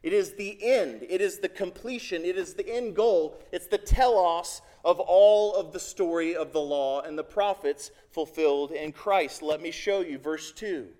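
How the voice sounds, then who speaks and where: A man preaching from the pulpit, his voice sitting higher than most men's. He is earnest and emphatic and leans on repeated phrases to drive each point home. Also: a little slow, few pauses, dark tone. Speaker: pastor. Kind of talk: sermon.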